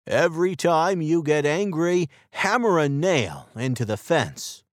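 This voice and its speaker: Man playing a calm, wise father. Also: fairly high pitch, dry recording, clean studio sound, pitched above the performer's own voice. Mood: instructive. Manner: slow, calm and instructive. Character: patient, wise father teaching his son. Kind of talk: textbook story reading.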